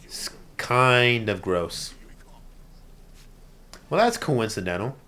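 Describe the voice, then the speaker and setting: Slow and medium-pitched, a man gives loose, lively commentary on an anime episode. He drifts between mumbling to himself and shouting, laughing often along the way.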